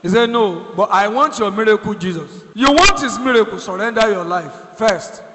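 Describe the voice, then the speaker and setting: High-voiced fervent preacher in a hall. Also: male voice, normal speed. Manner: fervent, rising to loud exhortation. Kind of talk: sermon. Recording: echoey hall, loud background noise.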